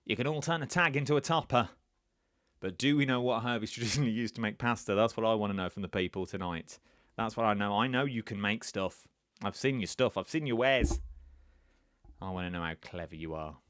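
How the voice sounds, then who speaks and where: A man's voice: mid-range voice, fairly bright tone, no echo, clean studio sound. Chatty man hosting a live quiz. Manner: chatty, repeats answers, teasing. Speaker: quiz host. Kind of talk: live-stream quiz hosting, casual chat. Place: indoors, seated at home.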